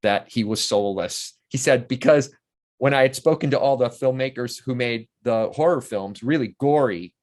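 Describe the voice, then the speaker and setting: A man's voice: medium pitch, moderate pace. An older man, a guest in a casual interview, telling long, enthusiastic anecdotes full of restarts.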